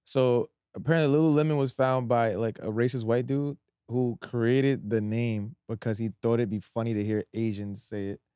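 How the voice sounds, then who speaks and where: A man co-hosting a podcast, telling stories in a joking, animated way in casual chat. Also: medium pitch, moderate pace, few pauses, clear, resonant tone, dry recording. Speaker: podcast co-host.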